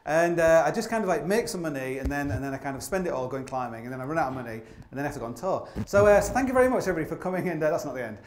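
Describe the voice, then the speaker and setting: A man's voice: a little high, lively intonation, very fast, hardly any pauses, slight background noise. Rambling storyteller man on stage. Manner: rambling and self-mocking, full of "like" and restarts. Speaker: climber giving a live stage talk. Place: opera house stage. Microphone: stage microphone. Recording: roomy theatre sound.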